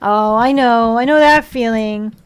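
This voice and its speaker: A woman's voice: on the high side, measured pace, smooth. A woman chatting casually on a live stream while building a model kit. She laughs often and swears freely. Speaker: livestreamer building model kits.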